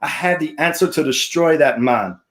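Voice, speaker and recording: A man's voice: on the high side, moderate pace, close to an everyday voice. A man putting on an Irish accent to play a cocky adult fighter, speaking in a confident, matter-of-fact boast. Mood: boastful. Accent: put-on Irish.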